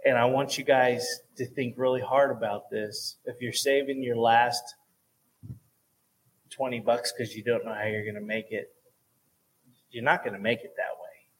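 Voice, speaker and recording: A man's voice: medium pitch, little pitch movement, moderate pace, slight background noise, rough recording. A male pastor speaking to his congregation during a service. His talk is casual and earnest, loose and chatty, and he keeps checking in with the room. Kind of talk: church offering talk. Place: church service.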